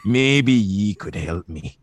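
Brief: scheming older tycoon, low voice with a lively lilt and a wobbly brogue, read by a man. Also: takes it slowly, no echo. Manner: theatrical, drifting in and out of the accent.

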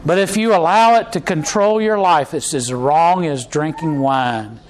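High-voiced preacher, conversational. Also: male voice, measured pace, slight background noise, rough recording. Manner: conversational preaching with frequent restarts and fillers. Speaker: pastor. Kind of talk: sermon.

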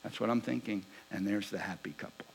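A man preaching a sermon, telling a personal story with lively swings between loud bursts and hushed asides. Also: on the low side, fast, vocal fry, a little hiss or hum, poor audio.

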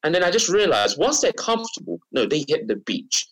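Casting note: man with a lively, swinging voice, emphatic football pundit. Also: fairly high pitch, brisk, rough recording. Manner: emphatic, repetitive, storytelling. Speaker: podcast panelist. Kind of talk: casual football chat.

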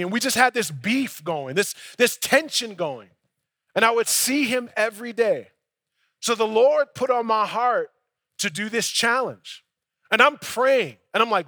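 Man, young adult, pastor, storytelling sermon, high voice, dry close sound. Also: lively intonation, moderate pace, sharp tone, dry recording. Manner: conversational storytelling preacher, acts out dialogue.

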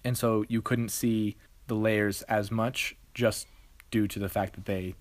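Brief: podcast co-host, woman with a very low voice, measured and explanatory, dry close sound. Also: fairly even intonation, a little mellow, no room sound. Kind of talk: casual chat.

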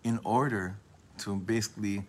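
A man giving an informal Torah class to a live group, talking in a discursive way, often breaking off and restarting his sentences, and slowing down to repeat key phrases. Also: on the low side, fairly even intonation, slight background noise. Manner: leans on a phrase by repeating it slowly. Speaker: Torah teacher.

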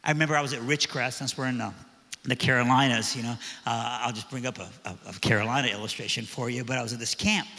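A man's voice: mid-range voice, steady tone, fast talker, sharp tone. A man preaching a sermon, telling a story in a conversational way with frequent restarts. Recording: echoey hall.

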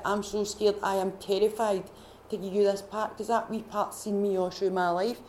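A woman's voice: mid-range voice, level tone, slight background noise. Scottish woman giving a heartfelt testimony. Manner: heartfelt, halting, with many restarts. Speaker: retreat participant sharing testimony. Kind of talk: personal faith testimony. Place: retreat gathering room.

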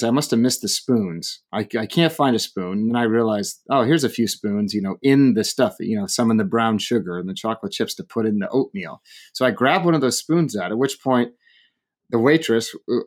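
In casual conversation, a man with a medium-pitched voice tells a funny story at a brisk pace. He's animated, acting out the people he quotes and laughing often along the way.

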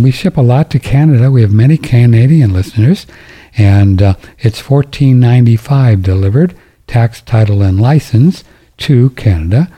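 Rambling older male radio host, very dark voice. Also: mid-range voice. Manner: rambling, jokey, self-interrupting. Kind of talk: casual talk radio with ad reads.

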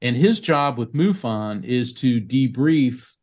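A man's voice: medium pitch, slow pace. A man appearing as a guest psychic medium, telling a story in an interview and acting out the people he quotes. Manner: animated storyteller who acts out quoted speech. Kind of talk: storytelling in a talk show interview.

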